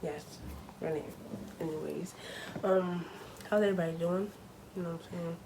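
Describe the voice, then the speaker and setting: Low-voiced young woman vlogging, nervous. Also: steady tone, normal speed, background noise. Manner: chatty, filler-heavy, nervous and open. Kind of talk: casual talk to camera.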